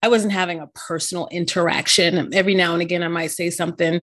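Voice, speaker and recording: A woman's voice: on the low side, fairly even intonation, fast, fairly bright tone. A middle-aged woman telling a personal story in casual conversation, full of "you know" and "right?" asides. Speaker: podcast co-host.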